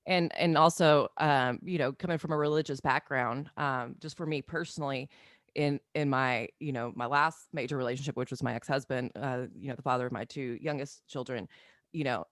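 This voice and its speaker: A woman guest in an interview, speaking earnestly and haltingly, with many pauses and fillers. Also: extremely low pitch, no echo, studio quality. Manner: earnest, halting, full of you-knows. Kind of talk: candid interview talk.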